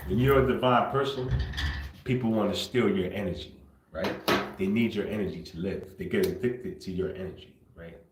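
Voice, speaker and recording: A man hosting a livestream, talking unscripted and confrontationally, swinging between low muttering and loud outbursts. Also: normal speed, reverberant, background noise. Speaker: livestream host.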